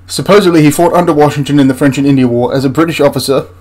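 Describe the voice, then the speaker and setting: A man's voice: on the high side, rapid-fire, a little mellow. Exasperated rambling male history critic. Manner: exasperated, rambling with frequent restarts. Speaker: history channel host. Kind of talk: ranting film critique.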